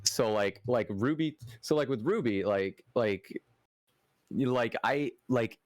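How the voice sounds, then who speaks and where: A man from the United States chatting casually on a stream, excitable and swearing, tripping over his words. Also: medium pitch, takes it slowly, no room sound, studio quality.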